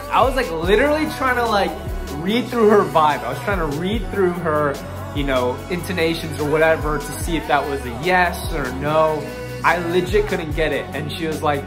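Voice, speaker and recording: A young man from New Jersey, vlogging, who moves from a read essay to animated storytelling full of "like". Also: on the high side, a little fast. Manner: animated, acts out phone calls, many "like"s. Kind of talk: reading an essay, then casual storytelling. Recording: clear music bed behind the voice.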